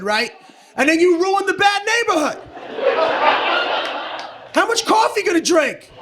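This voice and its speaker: High-voiced, ranting male stand-up comic. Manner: profane, ranting, brash. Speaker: stand-up comedian. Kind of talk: stand-up comedy set. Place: comedy stage with live audience. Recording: live audience noise.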